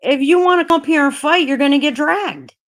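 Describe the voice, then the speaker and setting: A woman's voice: sits high, brisk, a crowd in the background. A woman hosting a livestream chat, ranting heatedly and swearing a lot. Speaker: livestream host.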